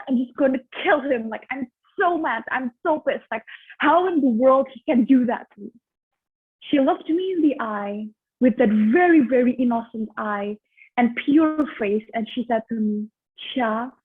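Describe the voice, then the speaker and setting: A teenage girl from Indonesia giving a memorized competition speech as a lively story. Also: fairly high pitch, husky. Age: teens. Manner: lively, animated storytelling with acted quotes. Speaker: student speech contestant. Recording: tinny phone-like audio.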